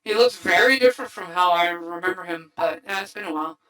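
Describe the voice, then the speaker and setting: A woman hosting a casual livestream movie chat, excitable and rambling with many restarts. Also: lowish voice, quick pace, rough recording. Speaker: streamer host.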